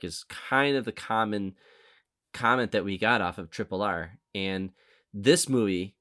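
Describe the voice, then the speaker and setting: Male podcast host, lowish voice, chatty and meandering, hedges a lot. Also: a little slow, pushed and bright, no echo, studio quality. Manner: rambling, apologetic, circles back on itself. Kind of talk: casual movie-review chat.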